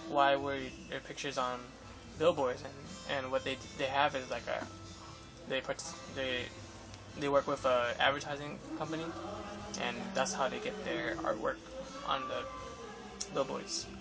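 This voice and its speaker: A man's voice: medium pitch, little pitch movement, measured pace, vocal fry, rough recording. A young man in a casual vlog, recounting an interview with photographers in a rambling way, full of fillers and restarts. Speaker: vlogger. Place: Los Angeles area. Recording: music playing behind.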